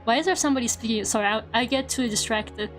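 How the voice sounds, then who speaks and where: This is a woman with a high, light voice, talking casually to her stream audience while drawing. She rambles from thought to thought, laughs a lot and swears without a second thought. A quiet game soundtrack plays faintly underneath. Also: fast talker. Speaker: VTuber streamer. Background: faint video game soundtrack music.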